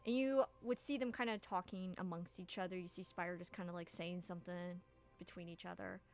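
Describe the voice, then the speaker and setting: A woman's voice: on the low side, steady tone, a little fast, darkish tone, soft background music. Woman narrating a tabletop game casually. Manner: casual, rambling, many fillers. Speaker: game master.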